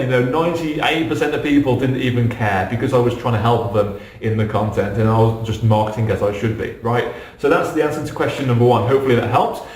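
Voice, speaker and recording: A man from England answering viewer questions in a casual, reassuring to-camera advice video, with light self-deprecating humor. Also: medium pitch. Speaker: online business coach. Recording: roomy echo.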